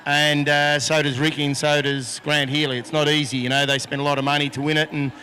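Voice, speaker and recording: A man's voice: a little high, level tone, a little fast, pushed and bright, slight background noise. A man with an Australian accent, a boat racing driver speaking frankly in a post-race interview outdoors on a handheld microphone. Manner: frank, plainspoken.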